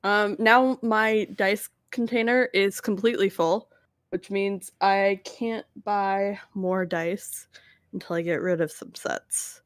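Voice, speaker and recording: A woman's voice: mid-range voice, fairly even intonation, slow pace, no room sound, studio quality. A woman co-hosting a casual podcast, rambling and hesitant with lots of fillers. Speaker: podcast co-host.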